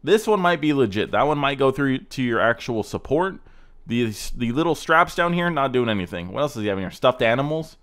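A man's voice: mid-range voice, animated, fairly quick, fairly bright tone, clean tone. A man hosting a casual reaction video, ranting sarcastically and swearing as he mocks car clips. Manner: sarcastic, ranting, profane roasting.

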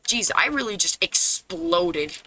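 A man streaming a game live, talking casually to his chat, fretting aloud and now and then bursting into loud dramatic cries. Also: high voice, animated, takes it slowly.

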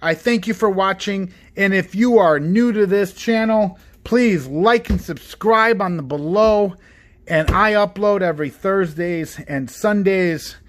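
A man hosting a card-opening video, listing cards quietly and getting excited over good pulls. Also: a little slow. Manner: excitable, repeats "guys" and "oh my god"; lists cards in a low, subdued voice. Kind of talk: casual unboxing commentary.

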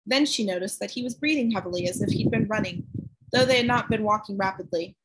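A woman reading a novel aloud with steady, even storytelling. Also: medium pitch, fast, breathy edge, rough recording. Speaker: audiobook narrator.

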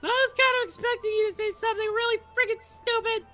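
A woman's voice: extremely high pitch, fairly even intonation, fast talker, pushed and bright, faint music behind, pitched above the performer's own voice. A woman voicing a bratty, defensive teenage girl while reading visual novel lines aloud, snippy and flustered.

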